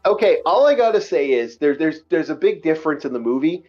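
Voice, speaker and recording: A man hosting a casual online book-review chat, emphatic and animated, repeating himself often. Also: on the high side, brisk, dull audio, soft background music. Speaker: podcast host.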